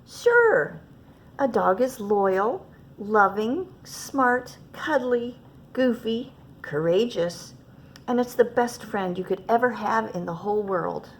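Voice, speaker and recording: A woman doing a determined little girl in a storybook, pitched a bit higher than her reading voice and swinging up and down with feeling. She talks slowly and firmly and will not give in. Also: animated, slight background noise. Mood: insistent. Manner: firm, insistent, stubborn. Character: young girl who badly wants a dog.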